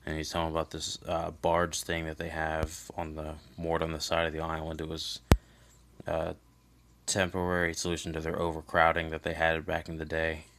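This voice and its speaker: A man's voice: rumbling low, monotone, normal speed, creaky, a bit bright, slight background noise. A man giving a loose, rambling recap of a comic book in casual chat, full of fillers and restarts, swearing offhandedly.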